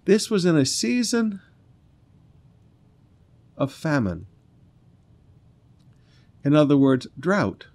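A man preaching a sermon, reading scripture aloud and adding commentary, swinging between loud emphatic lines and quiet earnest asides. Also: a little high, big pitch swings, slow pace, pauses often.

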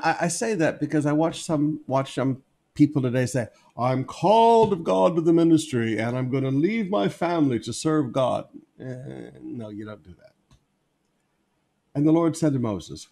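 A man's voice: a little high, dark tone. A man preaching a sermon, repeating key phrases for emphasis as he reads and explains scripture.

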